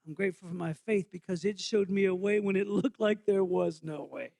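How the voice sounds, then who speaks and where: A man's voice: high voice, brisk, gravelly, darkish tone. A male pastor giving a playful, interactive sermon in a church, quizzing the congregation. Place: church sanctuary.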